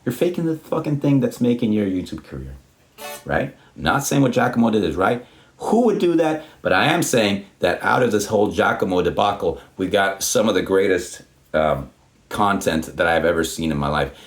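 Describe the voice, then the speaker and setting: A YouTuber who isn't a native English speaker launches into a long, unedited rant in English straight to camera, profane and full of tangents. His voice is lowish and expressive, at a normal speed, in this unscripted monologue.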